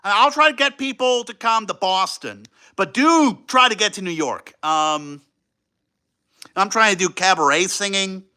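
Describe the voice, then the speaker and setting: A young man hosting a livestream, chatting casually and rambling with lots of fillers and excited outbursts. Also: high-pitched, measured pace, smooth. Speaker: livestream host.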